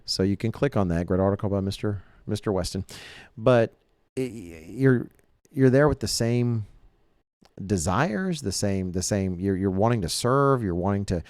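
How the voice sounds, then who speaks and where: A man with a lowish voice talks through a casual podcast chat, earnest and a little rambling, circling back to restart phrases. The sound is close and dry, with no room around it. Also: expressive, moderate pace, darkish tone, no echo. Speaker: podcast host.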